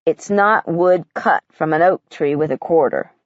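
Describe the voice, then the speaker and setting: A kindly female teacher from a storybook, her voice soft and shaky with worry, as a woman narrator puts her on. The sound is dry and a little dull. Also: low-pitched, moderate pace, no room sound, voice pushed down, natural voice. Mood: gentle. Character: gentle concerned female teacher, adult.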